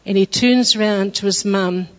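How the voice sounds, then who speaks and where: Aussie woman telling her church testimony, earnest and halting, long echo off the hall. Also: mid-range voice, fairly even intonation. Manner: earnest, halting retelling with restarts. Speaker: church member giving testimony. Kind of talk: testimony storytelling. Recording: dull lo-fi with long hall reverb.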